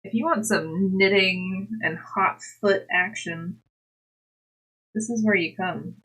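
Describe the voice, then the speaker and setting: A young woman livestreams, chatting loosely with her viewers as she knits. Her voice is soft and breathy, at a middle pitch, and she giggles often and talks to her cat as readily as to her chat. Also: slow. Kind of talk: casual chat with live chat while knitting.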